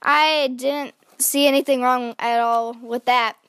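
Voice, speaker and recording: A woman's voice: sits high, fairly even intonation, slow pace, a bit bright, clean tone, dry recording. A woman doing a cheerful young boy.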